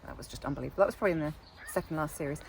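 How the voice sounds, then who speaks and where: A woman's voice: deep voice, racing, creaky, darkish tone, slight background noise. An Irish woman co-hosting a casual chat, laughing often and trailing off into restarts. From Ireland. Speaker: podcast co-host.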